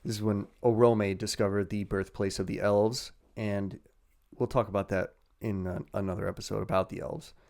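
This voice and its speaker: A man's voice: lowish voice, fairly even intonation, normal speed, vocal fry, darkish tone. A man casually retelling fantasy lore on a podcast with crude jokes and frequent laughs. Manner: crude jokey storytelling, laughs often. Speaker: podcast host telling lore.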